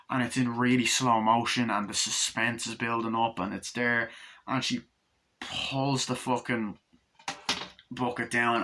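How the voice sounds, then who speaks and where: A man's voice: mid-range voice, sharp tone. A man casually retelling a film in a vlog, rambling with lots of "like" and swearing now and then. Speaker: movie reviewer. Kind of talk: casual movie review vlog.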